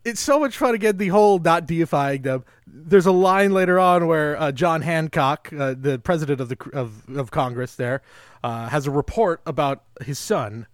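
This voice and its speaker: Enthusiastic, higher-voiced man on a podcast. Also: moderate pace, no room sound, clean studio sound. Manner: animated, enthusiastic, many fillers. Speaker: podcast co-host. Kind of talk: casual film discussion.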